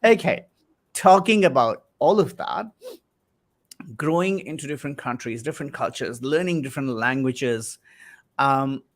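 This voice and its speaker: A man hosting a live-streamed interview, chatty, reading out viewer comments and asking questions. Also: medium pitch. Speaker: host.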